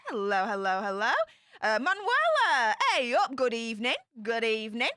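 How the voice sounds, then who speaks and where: A woman's voice: on the high side, big pitch swings, normal speed, heavy background noise. A woman with a Yorkshire accent hosting a livestream, chatting casually and greeting viewers one by one in a bubbly, chatty way. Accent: Yorkshire English. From Yorkshire, England. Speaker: YouTube livestream host.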